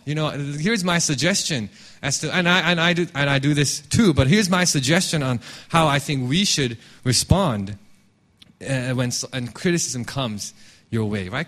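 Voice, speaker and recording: A man preaching a sermon as a pastor, talking candidly and telling stories with restarts. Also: mid-range voice. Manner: animated, candid storytelling with frequent restarts.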